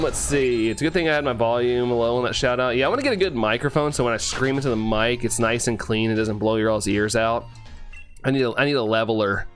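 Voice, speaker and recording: A man casually chatting on a live stream, greeting viewers and answering chat, talking fast and sometimes tripping over his words. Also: mid-range voice, a bit bright.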